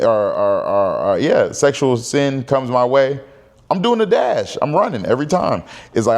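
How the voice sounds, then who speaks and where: In a casual personal vlog, a man in his thirties speaks candidly to the camera, rambling in a conversational way. His voice sits on the low side and is a little mellow.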